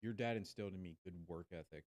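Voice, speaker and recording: A male podcast guest chatting casually, excitable and full of swearing and "dude.". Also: low voice, quick pace, no echo, studio quality. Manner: excitable, swears a lot, keeps saying "dude". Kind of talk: casual chat.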